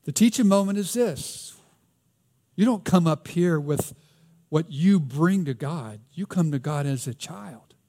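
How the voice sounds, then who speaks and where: A man's voice: fairly high pitch, lively intonation, measured pace, dark tone. A man with a Southern US accent preaching a conversational sermon, reading scripture and asking rhetorical questions.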